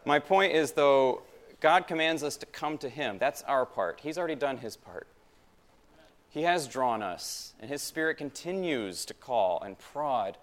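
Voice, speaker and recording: A man's voice: mid-range voice, expressive, unhurried. A man preaching a sermon in a church, talking conversationally, asking the congregation rhetorical questions and repeating phrases for emphasis. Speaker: pastor.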